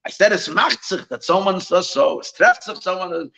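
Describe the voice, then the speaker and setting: A man's voice: high-pitched, lively intonation, moderate pace, creaky, pushed and bright, highs cut off, heavily acted. A man voicing a wise old rebbe who answers in a mild, bemused way. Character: wise, gently amused old male rebbe.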